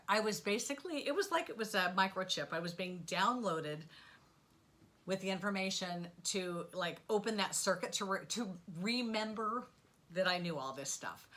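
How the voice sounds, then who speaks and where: A middle-aged woman telling a rambling personal story in a casual monologue, animated and full of asides and sound effects. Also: mid-range voice. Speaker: spiritual vlogger.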